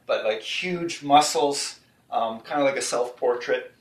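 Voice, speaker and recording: A man hosting a casual faith discussion, talking in a rambling, animated way and laughing easily. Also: mid-range voice, unhurried, background noise. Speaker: host. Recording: roomy sound, mic at a distance.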